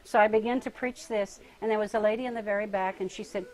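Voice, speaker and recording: Lively older woman telling her story. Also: medium pitch, quick pace, rough recording. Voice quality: animated, laughs often, acts out quoted voices. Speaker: interviewee, retreat participant. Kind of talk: casual storytelling interview.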